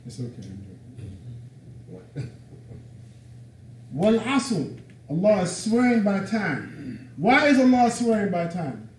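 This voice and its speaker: High-voiced man preaching emphatically. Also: sing-song, moderate pace, long pauses. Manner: emphatic, conversational preaching with casual slang. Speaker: religious teacher. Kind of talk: live lecture to a room. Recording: echoey room, voice from a distance.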